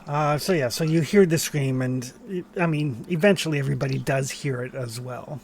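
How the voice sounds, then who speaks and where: A man's voice: medium pitch, normal speed, vocal fry, slight background noise. A man narrating a tabletop role-playing game as game master, in a loose, rambling way full of fillers.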